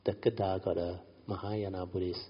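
A man's voice: deep voice, flat delivery, normal speed, husky. A middle-aged man with a Malaysian English accent tells a family story in a chatty way, often adding "you know". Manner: chatty, frequent "you know", light laughs. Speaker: speaker recounting a family story. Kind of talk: storytelling talk. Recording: dull recording with long hall reverb.

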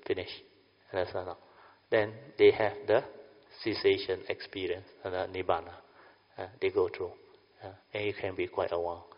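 With a deep voice and flat delivery at normal speed, an older man gives a Buddhist dharma talk to a class as a meditation teacher. He chats freely, frequently asking "huh?" and "understand or not?". A reverberant hall and lo-fi recording shape the sound.

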